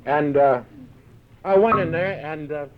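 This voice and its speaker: Before a live audience in a large hall, an older American man speaks at a recovery meeting, his voice on the high side and a little slow. He tells a wry, self-mocking story, acting out the dialogue. The source is a dull, lo-fi tape recording from 1978.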